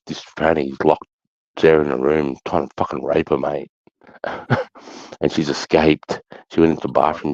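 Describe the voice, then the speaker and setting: A man's voice: rumbling low, a little mellow, dry recording. A middle-aged Australian man telling stories in casual chat, blunt and sweary. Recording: dull lo-fi sound.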